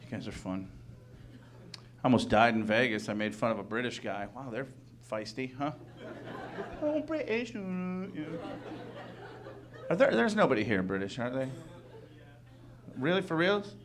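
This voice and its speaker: A man's voice: medium pitch, lively intonation, normal speed, long pauses, crowd noise. A man from Wisconsin doing a stand-up comedy set on a club stage, rambling and chuckling at his own jokes as he slips into mock voices.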